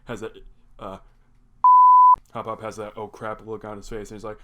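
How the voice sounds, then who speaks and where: A man's voice: on the low side, level tone, normal speed, pauses often. A young man casually recapping a cartoon episode, rambling and filling his talk with "like". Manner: rambling, heavy use of "like" fillers. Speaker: reaction video host.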